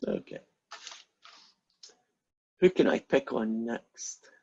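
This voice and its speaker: Chatty husky male lecturer on a video call. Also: mid-range voice, animated, slow pace, dark tone. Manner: chatty, informal, rambling. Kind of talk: online lecture with jokes and Q&A. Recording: husky voice, dull lo-fi audio.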